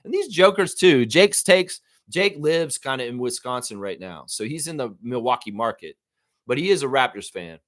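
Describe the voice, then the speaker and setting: A man hosting a live sports fan stream who rants about basketball in an animated, profane way. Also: medium pitch, normal speed, no room sound, studio quality.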